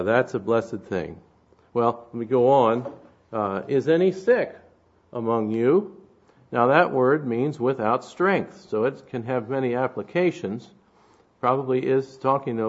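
A man's voice: medium pitch, lo-fi sound. A man preaching an expository sermon in a conversational way, often checking in with his listeners and reading scripture aloud with rising force. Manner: conversational, asks the room "right?".

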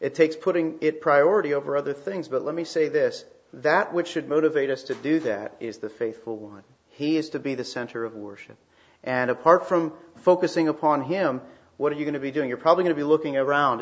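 A man's voice: a little high, brisk. Emphatic preacher man, lo-fi sound. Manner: emphatic, with rhetorical questions and repeated phrases. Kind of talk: sermon. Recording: slightly dull, lo-fi sound.

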